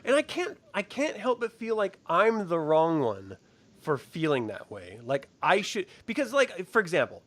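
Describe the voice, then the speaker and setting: A man's voice: high-pitched, huge pitch swings, normal speed. A man hosting a casual TV review chat, laughing often and swearing freely. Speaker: show host.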